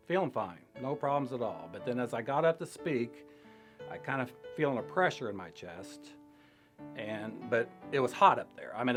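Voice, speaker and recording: An older man of middle pitch tells his own story in a halting, reflective way, pausing between thoughts and laughing quietly now and then. He speaks plainly, like in an interview, while faint guitar music plays softly underneath. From Illinois, US. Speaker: church member sharing testimony. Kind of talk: personal testimony interview.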